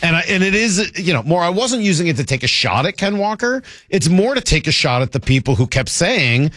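A male sports talk host who rambles happily through football highlights and laughs often. His voice swings up and down in pitch, and the studio sound is dry and close. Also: big pitch swings, fairly quick, few pauses, a bit bright, dry recording.

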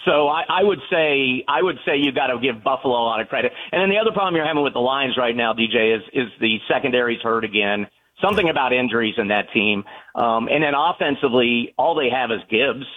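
A man talking football as a guest on a sports radio show, excitable and rambling, often repeating words as he goes. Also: medium pitch, quick pace, narrow, tinny audio. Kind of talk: casual sports radio talk.

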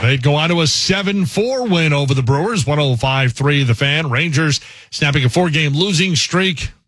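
A man hosting an overnight sports radio show, briskly reading scripted highlights. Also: expressive, fairly bright tone, dry recording, clean studio sound. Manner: brisk, smooth newsreader delivery.

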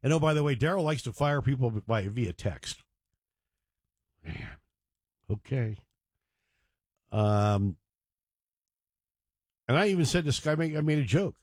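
A man's voice: mid-range voice, expressive, unhurried, pauses often, a little mellow, no room sound, clean studio sound. A man hosting a talk radio show, rambling and digressing with joking asides. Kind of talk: casual talk radio monologue.

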